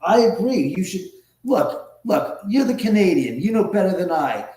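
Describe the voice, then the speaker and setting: A man's voice: sits high, very animated, normal speed, warm tone, reverberant, low-quality recording. A man hosting a live stream, talking casually in a sarcastic, needling way and swearing often. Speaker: livestream host.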